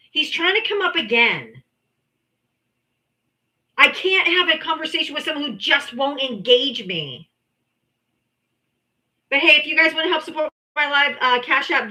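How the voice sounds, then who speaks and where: A woman runs a heated live political debate stream. Her voice is bright and high-set, and it swings widely in pitch. She argues hard and mocks her opponents as she talks over them. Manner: combative, talks over others, mocking. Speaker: livestream debate host.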